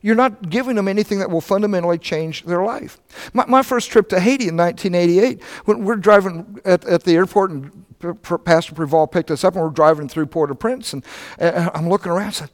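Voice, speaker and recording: An older man preaching a sermon, telling stories in a conversational, animated way. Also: sits high, a little fast, in a large hall. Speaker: pastor.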